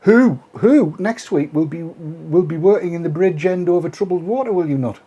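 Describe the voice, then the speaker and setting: A man's voice: fairly high pitch, moderate pace, mellow, breathy edge, dull audio. A man hosting a casual live stream, chatty and teasing as he brings in his guests. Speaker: host.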